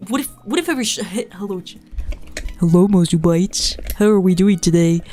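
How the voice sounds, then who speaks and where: A woman streamer putting on a lowered, drawn-out voice as a joke persona. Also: animated, mellow, soft background music, lightly acted. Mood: drawling. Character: slow, low drawling streamer persona, female.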